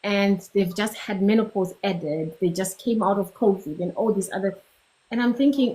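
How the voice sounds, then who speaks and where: A woman's voice: mid-range voice, normal speed, darkish tone, low-quality recording. A woman guest who teaches at a medical school, speaking in a casual live chat and often stopping to restart her sentences. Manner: hesitant, restarts sentences, thinks aloud. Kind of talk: casual live-stream conversation.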